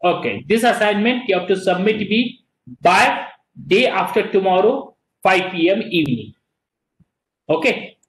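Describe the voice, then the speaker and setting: An Indian man teaches an online class in a high voice, switching between Hindi and English. He repeats words as he explains. The sound echoes in a roomy space. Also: lively intonation, measured pace, a little hiss or hum. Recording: echoey room.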